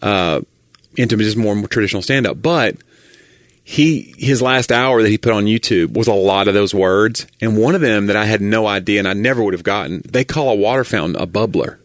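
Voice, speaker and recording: A man's voice: fairly low pitch, no room sound. A man with a Southern American accent, chatting casually as a podcast co-host and telling stories with frequent laughs. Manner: storytelling, laughs often, does quick voices for quotes. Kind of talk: casual chat.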